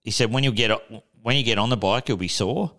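A man's voice: fairly low pitch, brisk, fairly bright tone. A young Australian man telling a story on a podcast in a laid-back, casual way, swearing freely. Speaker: podcast co-host. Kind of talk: casual chat.

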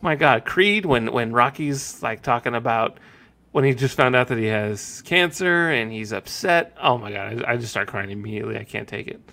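A man's voice: medium pitch, normal speed, gravelly, pushed and bright. A man in his forties hosting a podcast, chatting casually and laughing often. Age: 40s. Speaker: podcast host. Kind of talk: casual chat.

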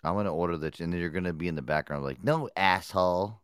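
A man's voice: very deep voice, fairly even intonation, rapid-fire, smooth, no echo. A man hosting a radio show, making prank calls and joking crudely with his co-hosts. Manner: laughing, profane, rambling.

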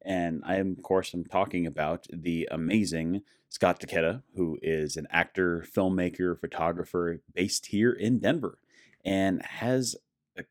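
Low-voiced man from Colorado, upbeat podcast host, dry close room sound. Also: fairly even intonation, measured pace, no room sound. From Colorado, USA. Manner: enthusiastic, chatty, frequent laughs. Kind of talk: casual podcast intro and interview.

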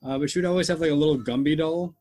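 A young man hosts a casual podcast chat, firing off rambling, jokey stories at a rapid clip. His voice is a little high with a darkish tone, and he comes across as a meandering, joking storyteller.

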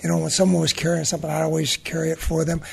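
A man's voice: a little high, monotone, rapid-fire, gravelly, a little hiss or hum. An older man sharing at a support group meeting, blunt and self-mocking. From San Diego area, USA. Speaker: meeting speaker.

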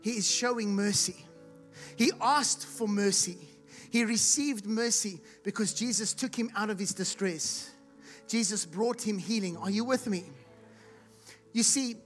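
A preacher giving a sermon to a live congregation, asking rhetorical questions and calling for responses, at times rising to loud shouts. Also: mid-range voice. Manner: rises to loud shouts when acting out the blind man's cries. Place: church hall with live congregation.

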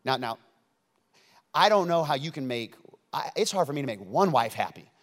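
A man's voice: medium pitch, big pitch swings, moderate pace, long reverb tail. A man preaching a sermon as pastor, telling stories with joking asides.

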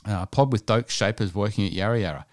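A deep-voiced man from Scotland, talking through his podcast plans on his own. He rambles keenly and leans on lots of fillers. The sound is dry and close, with no room echo. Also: quick pace, a little mellow. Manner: rambling, enthusiastic, many fillers. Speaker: podcast host. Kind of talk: casual solo podcast chat.

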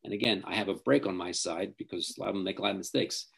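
A man's voice: sits low, quick pace, vocal fry, a bit bright, slightly rough. A middle-aged man, a driving coach, giving emphatic advice as an interview guest. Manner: emphatic, acts out quoted parents and teens.

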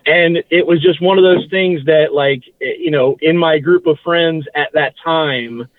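A man's voice: on the high side, a little slow, no echo. Male guest, casual talker who restarts and corrects himself, dry thin phone audio. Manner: rambling, self-correcting recollection. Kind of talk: casual interview chat. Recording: tinny phone-like line, dry.

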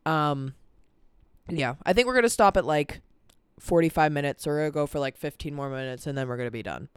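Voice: mid-range voice, a little fast, clear, resonant tone, no echo, studio quality. An eighteen-year-old podcast host talking in a tired, rambling, sweary way, full of "like" fillers, about stress and a busy month. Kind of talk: casual vlog-style chat. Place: cold indoor room. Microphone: camera on a timer.

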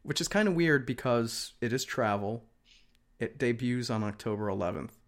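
A man's voice: medium pitch, lively intonation, normal speed. Wry, offhand man co-hosting. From Wisconsin. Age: 30s or older. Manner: offhand and wry, skimming listings aloud. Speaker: podcast co-host. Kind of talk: casual chat.

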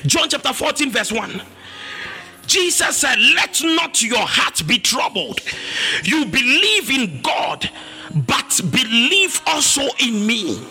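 A man preaching a sermon, shouting emphatically in a sing-song cadence and repeating his points. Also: very high-pitched, sing-song, slow pace, breathy edge, faint music behind.

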